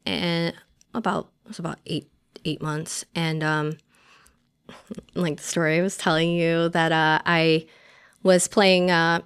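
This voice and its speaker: A woman's voice: fairly low pitch, clean tone. A woman Army veteran telling her personal story as a podcast guest, speaking frankly with lots of fillers and some casual swearing.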